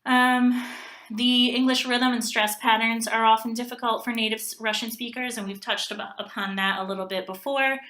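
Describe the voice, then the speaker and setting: A young woman giving a class presentation on language learning, pausing often with ums as she explains. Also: a little high, steady tone, pushed and bright. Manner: hesitant, many ums. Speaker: graduate student presenter.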